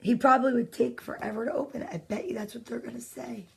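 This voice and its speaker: High-voiced woman reading storybooks aloud. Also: steady tone, fast, vocal fry, slight background noise. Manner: chatty, greets viewers by name between pages; playful, exclaims over the pictures. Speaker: children's story reader. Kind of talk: live-streamed storybook reading. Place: at home.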